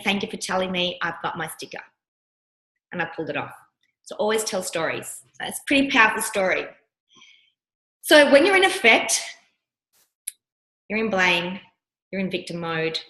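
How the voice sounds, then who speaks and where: A woman coach teaching a workshop, telling personal stories and acting out the voices she quotes. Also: medium pitch. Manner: animated storyteller who acts out the voices she quotes. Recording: roomy echo.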